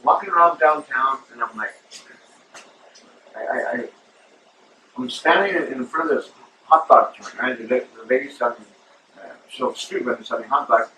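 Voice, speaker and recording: Host, male, rambling casual storyteller with a bright, forceful voice, recorded distant from the mic in a roomy space. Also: medium pitch, moderate pace, pauses often, a little hiss or hum. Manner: rambling, filler-heavy, calls listener bro. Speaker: show host.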